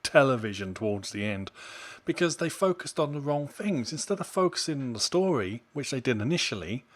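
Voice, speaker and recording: A man co-hosting a casual podcast chat, with a voice of middling pitch. He talks in an opinionated, emphatic way and keeps building his points up into exasperated outbursts. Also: very animated, a little fast. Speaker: podcast co-host.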